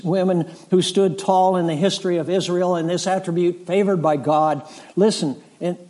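A man preaching a sermon as pastor, slow and deliberate, building in force as he reads scripture. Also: fairly high pitch, a little mellow. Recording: audio of a sermon.

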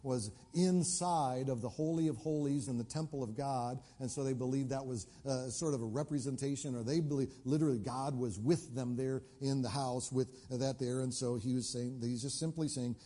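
Man preaching with a mellow voice. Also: mid-range voice, normal speed. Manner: conversational preaching, rising to emphatic questions. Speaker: pastor. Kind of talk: sermon.

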